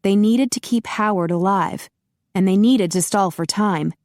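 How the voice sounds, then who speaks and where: A woman narrating a paranormal romance audiobook in a steady, even storytelling manner. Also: mid-range voice, a little slow, no echo, clean studio sound. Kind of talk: scripted narration.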